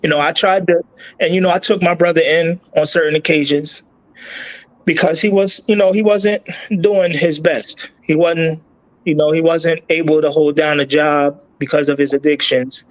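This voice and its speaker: A man with a voice that sits a bit high, talking through a hard memory as an interview guest, choked up, stopping and starting, words tumbling and repeating. the audio is dull and lo-fi. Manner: halting, with many restarts and repeated words. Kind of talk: emotional personal story.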